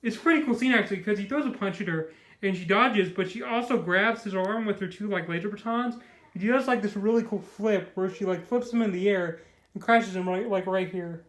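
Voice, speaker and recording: High-voiced man rambling through a comic review. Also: fairly quick, fairly bright tone, poor audio. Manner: rambling, filler-heavy, paraphrases the dialogue loosely. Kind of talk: casual comic review retelling scenes.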